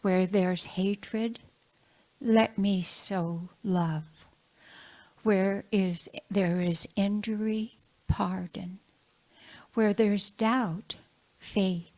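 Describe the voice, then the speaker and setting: A woman reading a prayer aloud in a slow, solemn recitation. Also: medium pitch, steady tone, darkish tone, low-quality recording. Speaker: reader.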